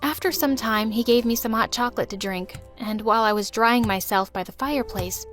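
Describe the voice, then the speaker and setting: Young female storyteller, high voice, dramatic expressive narration. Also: fairly quick, soft background music. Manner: dramatic, expressive first-person telling. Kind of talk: first-person storytime narration.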